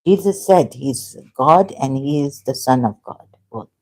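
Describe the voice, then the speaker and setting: A woman, hosting a livestream and talking off the cuff in a rambling, animated way, often breaking into laughter. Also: extremely low pitch, unhurried. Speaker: livestream host. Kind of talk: unscripted livestream monologue.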